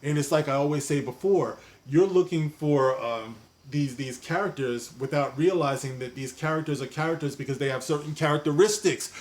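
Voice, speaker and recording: Guy ranting in a vlog, fairly high voice, rambling, keeps saying you know what i mean. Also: normal speed, hardly any pauses, a little mellow. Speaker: commentary vlogger. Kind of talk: casual commentary rant.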